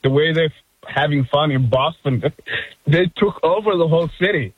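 A man calling into a radio show, excited and filling his speech with "like". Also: a little high, moderate pace, husky, dry recording. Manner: excited, lots of "like". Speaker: caller. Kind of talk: phone-in chat. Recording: dry tinny phone line.

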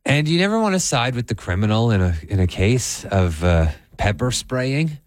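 A man from Canada reading morning radio news, steady with some dry humor and frequent fillers. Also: mid-range voice, moderate pace, dry recording. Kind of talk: news reading with casual banter.

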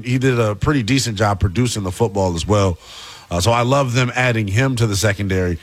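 An emphatic male football analyst who talks with big, lively swings in pitch. He is playful and punchy, drawing out his key words for effect. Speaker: sports analyst. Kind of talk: animated sports talk.

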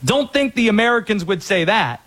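A man's voice: high-pitched, big pitch swings, normal speed, fairly bright tone. A man hosting a sports show, giving an emphatic, opinionated soccer analysis.

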